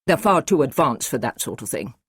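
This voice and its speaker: A woman reading an audiobook, voicing a calm, earnest male time traveller who speaks courteously. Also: very deep voice, fairly quick, slightly rough, dry recording, clean studio sound, full character voice.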